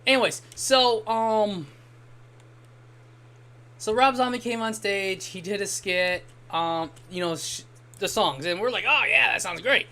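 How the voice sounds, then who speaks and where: A man streaming a game and telling a rambling story in casual chat, swearing freely and getting animated when he quotes people. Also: high-pitched, slow pace, pauses often. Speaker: gaming streamer. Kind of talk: casual storytelling while gaming.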